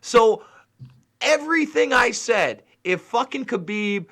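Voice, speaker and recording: A man's voice: extremely high pitch, animated, takes it slowly, sharp tone. A man hosting a podcast, chatting casually and animatedly about fighting sports, swearing freely and laughing often. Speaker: podcast host.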